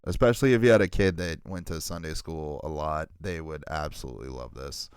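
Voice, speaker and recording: A man's voice: extremely low pitch, fairly quick, smooth, dry recording, clean studio sound. A man co-hosting a casual podcast, reading an article aloud with lots of laughs and asides. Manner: animated, laughs often, stumbles over names. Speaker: podcast co-host.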